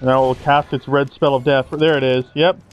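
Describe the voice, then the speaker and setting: A man's voice: medium pitch, level tone, fairly quick, muffled recording. A man commentating over his own video game playthrough, sarcastic and mock-dramatic, swearing casually. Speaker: gameplay commentator. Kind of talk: sarcastic let's-play commentary.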